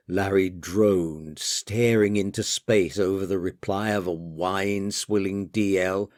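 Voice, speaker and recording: Guy reading an audiobook, slow and unhurried, dead dry studio sound. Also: sits low, steady tone, darkish tone, dry recording. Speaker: audiobook narrator. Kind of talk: scripted narration.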